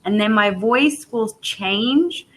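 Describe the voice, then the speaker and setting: A talkative woman whose British accent drifts toward Australian and South African vowels. She speaks in a casual, animated storytelling way and laughs easily. The sound is that of a simple video-call microphone. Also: fairly high pitch, takes it slowly, poor audio. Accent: British blended with Australian and South African. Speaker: English tutor. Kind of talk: casual chat.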